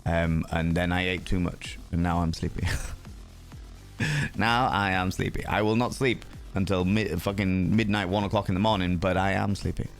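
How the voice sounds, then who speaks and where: Playful, low-voiced man streaming. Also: fairly even intonation, normal speed, vocal fry, faint music behind. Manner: playful, cheeky greetings, casual swearing. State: sleepy. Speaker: livestream host. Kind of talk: casual chat with viewers.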